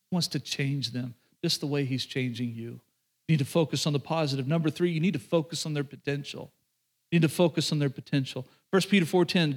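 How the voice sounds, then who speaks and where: Male pastor, higher-pitched voice, chatty sermon with playful asides and frequent restarts. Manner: conversational, joking asides with repetitions and restarts.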